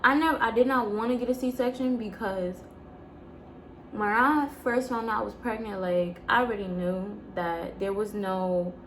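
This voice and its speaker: A woman talking straight to the camera in a casual vlog, telling a story with lots of emphasis and lively rises in her voice. Her pitch sits in a middle register, and a faint noise hum runs under the recording. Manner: animated, emphatic, repeats words. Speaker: vlogger.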